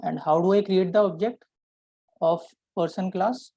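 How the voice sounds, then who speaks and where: A man teaching a programming lesson, explaining step by step and often checking in with a quick "right?". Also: sits high, dark tone, dry recording, rough recording. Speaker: programming instructor. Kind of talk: live coding lesson.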